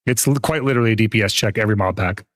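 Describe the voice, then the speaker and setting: A man's voice: fairly low pitch, racing, a bit bright, dry recording, clean studio sound. A young man streaming a video game, chatting casually with viewers, laughing often and explaining game mechanics. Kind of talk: casual gameplay commentary.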